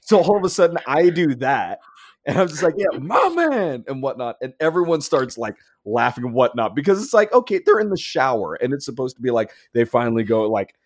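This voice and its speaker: A man's voice: a little fast, no echo, studio quality. A man co-hosting a casual chat, telling a story with lots of "like" and "whatnot", acting out quoted lines with big jumps in his voice. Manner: animated, acts out quotes with big pitch jumps and laughs; heavy use of "like" and "and whatnot". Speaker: podcast co-host.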